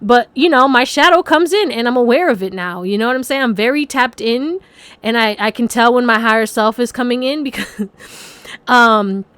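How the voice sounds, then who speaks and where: A woman's voice: on the high side, normal speed, a bit bright, no echo. A young woman giving a casual pick-a-card tarot reading, chatty and rambling, swearing freely and laughing often.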